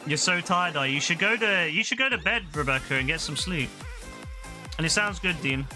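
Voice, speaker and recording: A young man chats his way through a game he is playing, cursing freely and breaking into excitable, exasperated outbursts. His voice sits a little high and sounds very bright and tense. Faint music plays underneath. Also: a little fast. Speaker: gaming streamer. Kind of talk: casual gameplay commentary.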